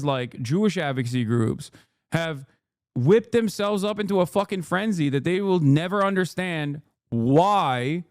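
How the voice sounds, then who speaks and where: A man's voice: high voice, no room sound, studio quality. A man streamer giving heated, profane commentary as he reacts to a clip. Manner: profane, ranting, emphatic.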